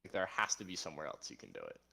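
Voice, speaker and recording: A man's voice: low-pitched, rapid-fire, gravelly, breathy edge. A young adult man co-hosting a podcast, chatting casually and telling stories in an easygoing way. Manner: easygoing, relaxed storytelling with filler "like". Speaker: podcast co-host. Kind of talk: casual chat.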